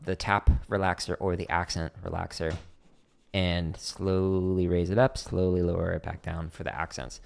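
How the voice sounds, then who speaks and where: Casual low-voiced man teaching drums. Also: creaky, noisy background. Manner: casual, thinking aloud, counting out loud while playing. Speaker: drum teacher. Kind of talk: casual livestream drumming lesson. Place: home practice room. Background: drums playing.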